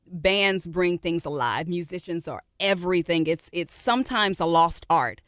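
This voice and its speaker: A woman singer talks with a radio host in the studio, animated and encouraging, with plenty of fillers. Her voice sits on the low side. The sound is dry and close. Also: moderate pace, no room sound. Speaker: R&B singer, interview guest. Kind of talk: casual radio interview.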